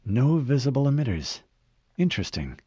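A man reading an audiobook, voicing a brisk, commanding older woman scientist who gives clipped, urgent orders. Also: medium pitch, big pitch swings, dark tone, slightly rough, no room sound, clean studio sound, voice pushed up. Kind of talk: audiobook character voice.

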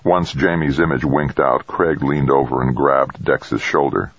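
A man narrating an audiobook in a steady, measured reading. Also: a bass voice, breathy edge, no room sound. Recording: dull dry lo-fi recording.

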